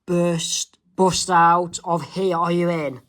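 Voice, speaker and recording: Brief: man reading scheming jailbird girl, slow. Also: sits high, fairly even intonation, a bit bright. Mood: sly.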